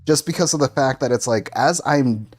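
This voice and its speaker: A man's voice: medium pitch, moderate pace, faint music behind. A man streaming a game, telling a story casually and laughing often through it in a loose, self-mocking way.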